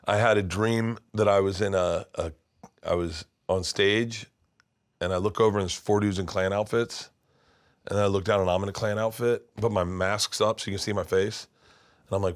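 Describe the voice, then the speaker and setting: Middle-aged male comedian guest, animated storyteller, slips into voices, big laughs, lowish voice. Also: moderate pace. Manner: excitable, acts out voices in his stories, laughs loudly. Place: his studio.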